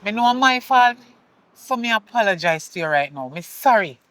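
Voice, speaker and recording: A woman's voice: mid-range voice, animated, normal speed, fairly bright tone, dry recording, close to an everyday voice, rough recording. A woman with a Jamaican accent playing a remorseful mother who pleads with her daughter in patois. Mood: remorseful pleading. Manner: pleading, apologetic, speaks in patois. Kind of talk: film acting.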